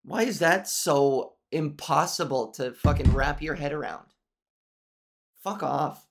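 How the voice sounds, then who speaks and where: A woman's voice: sits low, takes it slowly. Nasal, profane woman podcast host. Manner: candid, profane, rambling with restarts. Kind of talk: solo podcast monologue.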